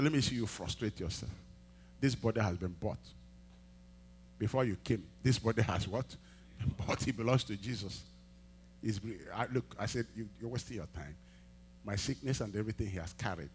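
A male pastor preaching a sermon, telling a testimony and acting out the dialogue, swinging from quiet asides to loud emphatic peaks. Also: lowish voice, a little fast, slight background noise. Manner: acts out quoted dialogue in storytelling.

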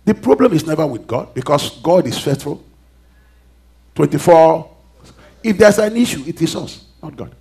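Preacher, male, high-pitched, call-and-response delivery with sharp swings in volume. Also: animated, moderate pace, creaky, long pauses. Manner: call-and-response preaching, reads scripture aloud, swings loud and soft. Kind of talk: sermon.

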